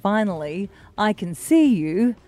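A woman's voice: medium pitch, measured pace. A woman co-hosting a breakfast radio show. She reads pop lyrics aloud in a mock-serious newsreader voice, with faint music playing underneath. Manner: deadpan newsreader delivery of song lyrics. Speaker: radio co-host.

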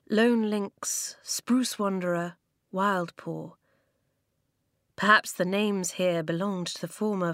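A woman narrating a children's adventure audiobook in a calm, gently descriptive reading. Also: medium pitch, no echo, studio quality. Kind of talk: scripted storybook narration.

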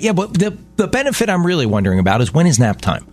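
A man's voice: on the high side, wildly swooping pitch, fast talker, hardly any pauses, a little mellow. A man co-hosting a casual talk show, cracking jokes and asking teasing questions. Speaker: radio show co-host. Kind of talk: casual morning show banter.

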